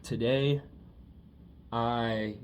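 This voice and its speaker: A man's voice: mid-range voice, fairly even intonation, very slow, slight background noise. A young man talking through a casual personal monologue, emotional and profane, often repeating himself. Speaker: vlogger.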